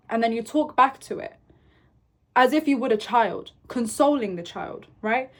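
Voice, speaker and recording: A young woman giving self-help advice in a casual vlog, coaching gently and often checking in with "right?" and "okay?". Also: a little high, normal speed. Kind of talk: casual advice talk to camera.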